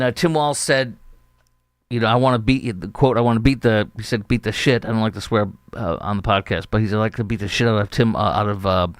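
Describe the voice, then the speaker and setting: A man's voice: lowish voice, smooth, dry recording. Chatty middle-aged male podcast host. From Chicago area. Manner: chatty, animated storytelling with acted-out quotes. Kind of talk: opinion talk show monologue.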